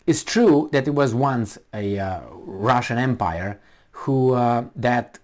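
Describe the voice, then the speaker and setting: A man's voice: medium pitch, slow pace. A man hosting a commentary video, reading a news article aloud and mocking it with sarcasm and swearing. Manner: animated, sarcastic, swears and mocks the article's author. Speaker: political commentary video host.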